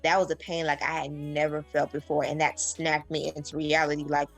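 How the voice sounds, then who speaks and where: A woman guest on a podcast, telling a personal story in casual, animated talk and acting out the people in it. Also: sits low, brisk, vocal fry, hardly any pauses, soft background music. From grew up singing in church. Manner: lively, animated retelling with quoted voices.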